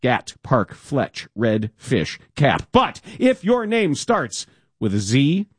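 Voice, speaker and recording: A man co-hosting a casual sports talk show, reading a column aloud with playful, animated emphasis. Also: mid-range voice, slow, husky, no room sound, clean studio sound. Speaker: radio co-host.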